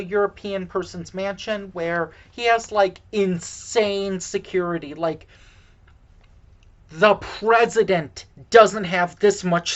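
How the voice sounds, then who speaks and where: A woman casually recapping a movie plot, halting with many fillers and self-deprecating asides, heard on a dull lo-fi recording. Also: mid-range voice.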